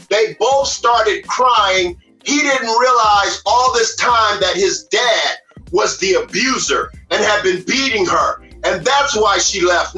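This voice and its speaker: A man giving a motivational speech, emphatic and repetitive, often raising his voice to a shout. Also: high voice. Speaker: motivational speaker. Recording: echoey room, far from mic, faint music.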